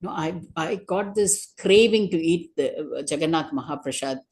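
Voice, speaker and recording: A woman voicing an impatient, generous male sky god in a retold story, offhand and hurried. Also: sits low, darkish tone.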